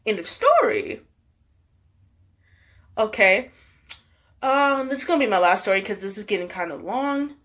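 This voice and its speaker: A young woman vlogger tells a story in a chatty storytime vlog, her talk full of "like", other fillers and laughs. Her voice is medium-pitched and a bit bright, with lively intonation and a slightly fast pace.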